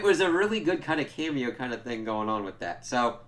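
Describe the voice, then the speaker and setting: A man's voice: medium pitch, lively intonation, moderate pace. A man giving a casual, rambling spoiler review of a TV episode, with lots of filler words and swearing.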